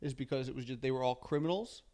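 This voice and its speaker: A man's voice: medium pitch, fast, warm tone. A man co-hosting a podcast, telling rambling stories in casual comedic chat and swearing freely. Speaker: podcast co-host.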